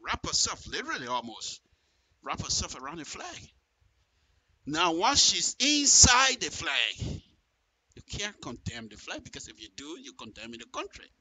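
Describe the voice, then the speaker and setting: A man's voice: on the high side, wildly swooping pitch, normal speed, pushed and bright, breathy edge, no echo, rough recording. A man doing live radio commentary, emphatic and repeating phrases as he reads and reacts to a statement.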